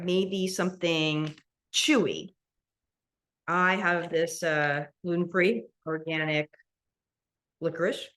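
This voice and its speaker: Speaking slowly and gently in a fairly low voice, a woman guides students through a mindful eating meditation one step at a time. The meditation instructor, on a video call, lets out an occasional soft laugh.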